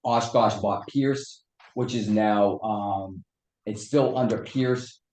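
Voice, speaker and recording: A man, a fire chief, making a budget case at a town meeting, earnest and hoarse, explaining at length with small restarts. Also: fairly low pitch, slow, a little mellow. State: hoarse, losing his voice. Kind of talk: public meeting testimony. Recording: echoey meeting room.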